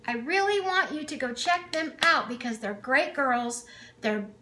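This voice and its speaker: Chatty bright-voiced woman in her kitchen. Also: high voice, animated, unhurried. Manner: chatty, rambling, with fillers and asides. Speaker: cooking vlogger. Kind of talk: casual chat to camera. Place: home kitchen.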